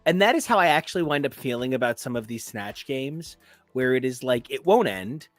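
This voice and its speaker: A man's voice: mid-range voice, lively intonation, fairly quick, no echo, faint music behind. Joking male podcast co-host. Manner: joking, conversational reviewer. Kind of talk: casual chat.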